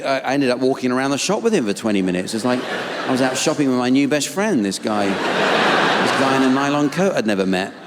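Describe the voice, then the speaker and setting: Deadpan English comic, low voice, live in a big echoing hall with audible ambience. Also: male voice, creaky, noisy background. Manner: deadpan, dry and weary. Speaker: stand-up comedian. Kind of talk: live stand-up routine. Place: large theatre stage. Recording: live theatre with long hall reverb. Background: audience laughter and ambience.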